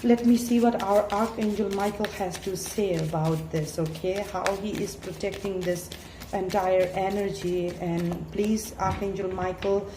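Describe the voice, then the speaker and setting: A woman's voice: medium pitch, fairly even intonation, unhurried, noisy background. A woman tarot reader giving a spiritual reading, earnest and pleading, full of "you know" fillers. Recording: echoey room with faint ambience.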